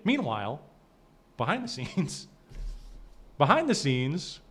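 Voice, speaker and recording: Animated, sarcastic male streamer. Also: a little high, slow. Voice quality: sarcastic, riffing delivery. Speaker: streamer reacting to a clip. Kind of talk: live-stream reaction commentary.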